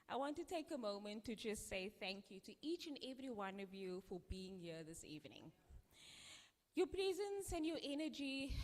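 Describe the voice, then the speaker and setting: A woman speaks with a high, animated voice at an unhurried pace. She is effusive and emotional as she gives closing thanks at a live event. A long hall reverb rings around her words. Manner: effusive, emotional, exclaims often. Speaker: CEO giving closing thanks. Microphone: handheld or stand microphone.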